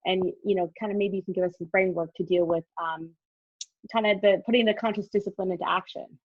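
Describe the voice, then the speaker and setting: A woman's voice: medium pitch, steady tone, quick pace, no echo. Hesitant woman moderating, dull dry sound. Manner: hesitant, many fillers and restarts. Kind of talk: moderating an online talk.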